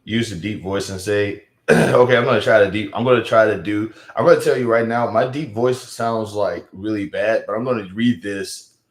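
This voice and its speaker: In an echoey room, a man with a lowish voice and steady tone talks at normal speed on a live stream. He reads viewers' comments aloud and rambles casually, cracking self-mocking jokes.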